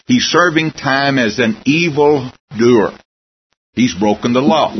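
A male preacher delivering a sermon with a husky, slightly raspy voice. He talks in a folksy, emphatic way and drops in wry asides. The recording sounds dull and lo-fi. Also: mid-range voice.

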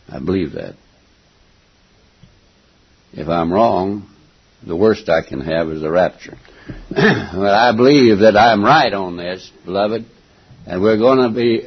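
Older guy preaching, folksy and emphatic, low gravelly voice, clears his throat a lot, muffled old tape. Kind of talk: sermon. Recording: dull lo-fi recording.

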